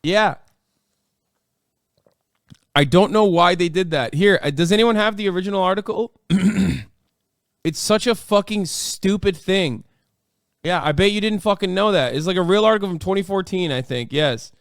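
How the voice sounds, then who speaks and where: A man's voice: sits high, moderate pace, long pauses, smooth, no echo, studio quality. A man hosting a livestream, reacting in casual, profane and incredulous commentary. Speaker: livestream host.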